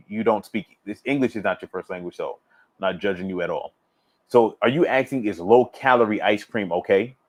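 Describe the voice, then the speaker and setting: A man hosting a fitness livestream, chatting casually and reading viewer comments aloud, relaxed and rambling, repeating himself and laughing often. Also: lowish voice. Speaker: fitness coach livestream host.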